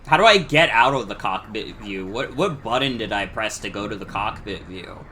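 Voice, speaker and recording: A man's voice: on the low side, expressive, normal speed, sharp tone, slight background noise. A man streaming a retro game, chatting casually with lots of filler words and cursing. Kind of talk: casual gameplay commentary.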